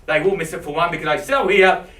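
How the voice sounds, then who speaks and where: A man calling bids in a live auction, with quick, playful patter for the bidders. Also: high-pitched, a bit bright. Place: auction room. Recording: echoey room from far off.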